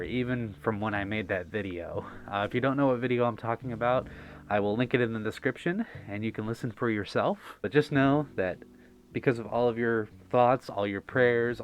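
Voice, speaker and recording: A man signing off his vlog, thanking his viewers sincerely and then joking around goofily. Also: on the low side. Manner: warm, grateful, playful and goofy. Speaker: video creator. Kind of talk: casual vlog sign-off.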